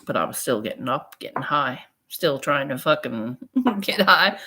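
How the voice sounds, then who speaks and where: A woman's voice: deep voice, normal speed, pushed and bright. A woman vlogger telling a personal story in a frank, rambling, profane way. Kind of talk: casual storytelling vlog.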